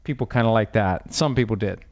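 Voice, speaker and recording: A man's voice: on the low side, a little fast. A man hosting a podcast, chatting casually about sports and mocking himself with a wry, rambling manner. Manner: wry, self-deprecating, rambling. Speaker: podcast host. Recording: dull, slightly lo-fi sound.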